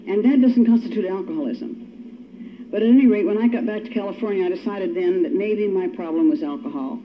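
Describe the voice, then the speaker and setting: This is an older woman recounting her own story at a recovery meeting, mocking herself with dry humor. Her voice is mid-range and her pace a little fast. A faint hiss sits under the dull, lo-fi sound.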